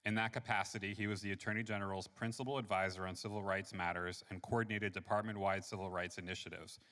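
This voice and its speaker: A man hosting an event, reading a guest's bio with admiring asides. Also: lowish voice. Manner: warm, admiring, reads then ad-libs. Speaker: event host. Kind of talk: reading an introduction. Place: church. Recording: reverberant church hall.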